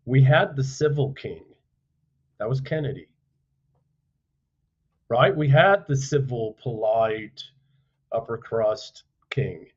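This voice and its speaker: A man speaking as a podcast guest, telling stories bluntly and forcefully, with profanity and rhetorical questions. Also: mid-range voice, takes it slowly, long pauses, husky, highs cut off. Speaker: podcast guest, author and former soldier. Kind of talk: forceful conversational storytelling.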